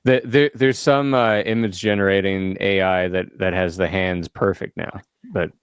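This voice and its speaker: Man, deep voice, casual podcast chat, rambling, laughs a lot, dry studio mic. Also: fairly even intonation, moderate pace, clean tone, no echo. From South Africa. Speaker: podcast co-host.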